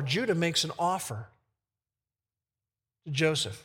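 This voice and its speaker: A male pastor preaching a sermon, reading scripture aloud with big swings in volume and pitch. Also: expressive, unhurried, pauses often, fairly bright tone, big-room sound.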